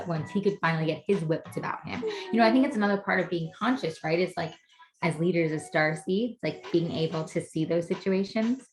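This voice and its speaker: A woman's voice: low voice, brisk. A woman in her thirties talking casually about parenting, rambling with many fillers. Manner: rambling, heavy on "you know" fillers. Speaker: guest mother. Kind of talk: casual conversation.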